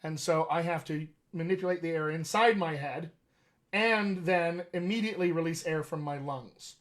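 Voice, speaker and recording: A man's voice: a little high, moderate pace. A man hosting a live accent Q&A as a dialect coach, teaching with emphatic enthusiasm. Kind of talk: live Q&A session.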